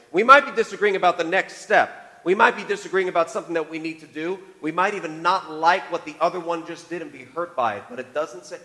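A man preaching a sermon on marriage, animated, moving between loud emphasis and hushed tones. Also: on the high side. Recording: long reverb of a large hall.

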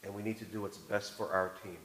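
A man preaching a sermon on marriage, animated, moving between loud emphasis and hushed tones. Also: on the low side, fast, a little hiss or hum. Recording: long reverb of a large hall.

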